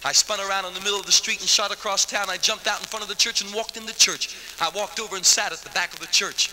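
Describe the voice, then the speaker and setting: A man with a high, very bright, cutting voice tells his testimony as a dramatic sermon. He delivers his story with vivid street slang, and his voice rings out through a long hall reverb with faint noise behind it. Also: fairly even intonation, quick pace. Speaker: evangelist giving his testimony.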